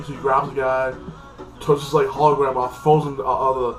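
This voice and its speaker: A man's voice: medium pitch, little pitch movement, moderate pace, faint music behind, poor audio. A man giving a loose, rambling recap of a TV episode, stacking up filler phrases as he goes. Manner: loose, repetitive, heavy on "like this" fillers. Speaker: TV episode reviewer.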